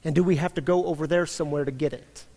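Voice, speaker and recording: A male pastor giving an earnest sermon to his congregation, telling a story and building up then dropping soft. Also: fairly high pitch, fairly even intonation, quick pace. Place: church sanctuary. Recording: long church-hall reverb.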